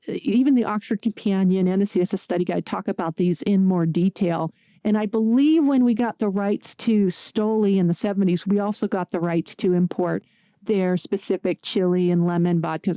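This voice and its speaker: A woman from Pittsburgh hosts a solo podcast in a mid-range, mellow voice, recorded at studio quality with no room sound. She's chatty and conversational, dropping jokey asides.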